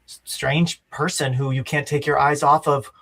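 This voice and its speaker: A man's voice: a little high, flat delivery, normal speed, vocal fry, fairly bright tone. A man hosting a film podcast, chatting casually and enthusiastically, often tagging "right?" onto his points. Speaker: podcast host. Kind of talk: casual chat.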